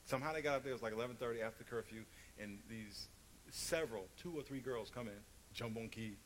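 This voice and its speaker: A man's voice: medium pitch, fast, slight background noise. A man preaching a sermon, telling stories and hammering points through emphatic repetition. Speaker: pastor.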